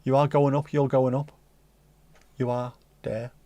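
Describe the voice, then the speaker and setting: A man's voice: medium pitch, flat delivery, a little slow, warm tone, dry recording. A middle-aged man with a Liverpool accent, hosting a livestream and chatting casually to his live chat with jokey, rambling asides. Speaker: livestream host.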